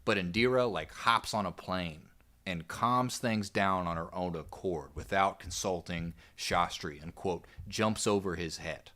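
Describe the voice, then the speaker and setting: A man co-hosting a history podcast, recounting events in a relaxed, rambling way with plenty of "like" and "I guess". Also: low voice, unhurried. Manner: relaxed, rambling storyteller with fillers. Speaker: podcast co-host. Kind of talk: casual history podcast narration.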